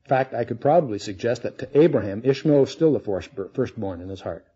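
Male Bible teacher, warm husky voice, conversational, lo-fi sermon tape. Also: medium pitch, animated, quick pace. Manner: conversational, asks the audience questions. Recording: dull lo-fi recording.

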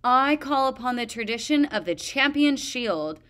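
Woman doing a shrill young dragon girl. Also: expressive, a little slow, a bit bright, clean tone. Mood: resolute. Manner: shaky, pleading, shrill when upset. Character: young female dragon, fiery and distraught.

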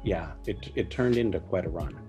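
A man's voice: deep voice, moderate pace, mellow, lo-fi sound, soft background music. A man in his forties, an actor, telling wry stories in an interview and acting out his own reactions. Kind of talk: anecdotal interview.

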